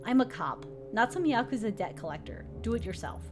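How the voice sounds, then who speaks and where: A woman's voice: on the high side, very animated, a little fast, soft background music. A woman voicing a suspended woman police detective in a game, talking in a dry, blunt, curt way.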